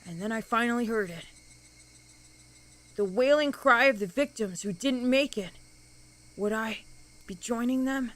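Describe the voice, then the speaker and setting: A woman's voice: a little high, measured pace, pauses often, fairly bright tone, pitched below the performer's own voice. A woman reading a horror game's text aloud as a frightened, paranoid young narrator, in a haunted, repetitive way. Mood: dread-filled. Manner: haunted, repetitive, mounting dread.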